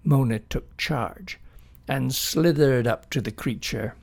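A man reading a children's animal story aloud in an expressive, unhurried way. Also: mid-range voice, vocal fry, breathy edge.

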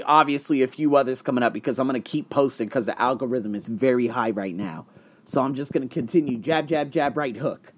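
A man's voice: mid-range voice, a bit bright. A man coaching for English tests, talking in a casual vlog monologue, profane and emphatic as he tells his story.

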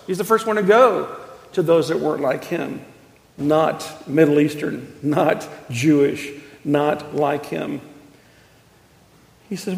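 A pastor in his fifties preaching a sermon, telling stories emphatically with slow, drawn-out pauses. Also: fairly high pitch, creaky. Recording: echoey church hall.

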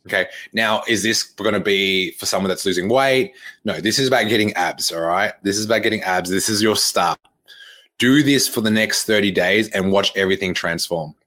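A young man coaching fitness on a live-streamed podcast, with a lowish voice. He talks bluntly and swears, repeating his points and filling gaps with "like" and "okay". His delivery is casual and direct. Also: normal speed, pushed and bright. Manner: blunt, repetitive, swears, many fillers.

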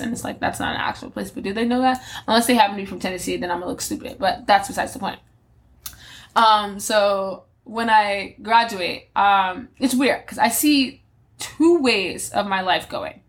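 A woman's voice: mid-range voice, moderate pace, a bit bright. Woman, twenties, podcast host, solo monologue, candid, rambling, fillers and restarts.

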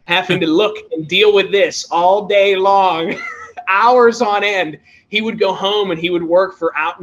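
A man with a high, bright voice chats casually about his show. He tells stories in an excitable, animated way and laughs easily. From Pennsylvania, USA. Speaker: toy-hunting show host. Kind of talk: casual chat.

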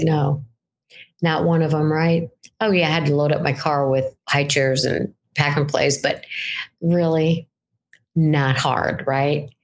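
An older woman speaking as a weight-loss coach in a solo mindset talk, conversational and animated, often checking in with the listener by asking "right?". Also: low voice.

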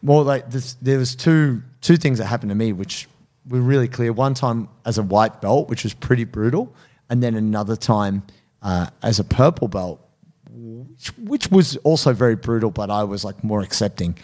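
Animated man telling a gym story. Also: moderate pace. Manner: animated, acts out quotes in high voices. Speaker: podcast co-host. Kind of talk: casual storytelling chat.

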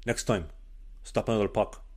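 A man's voice: fairly low pitch, moderate pace, a little mellow, lightly acted. A man putting on the voice of a stern, unsmiling Slovakian hockey coach with a thick Eastern European accent and terse, broken English. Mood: dismissive. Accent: thick Eastern European, put on.

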